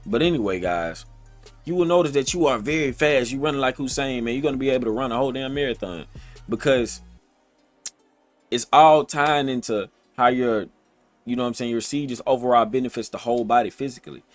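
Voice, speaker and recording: A man's voice: mid-range voice, fairly quick, faint music behind. A man vlogging straight to his viewers in an emphatic, repetitive, streetwise way, with a streaming setup on his computer. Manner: colloquial, streetwise phrasing. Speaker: motivational vlogger. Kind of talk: casual direct-to-camera talk. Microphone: streaming setup, computer recording.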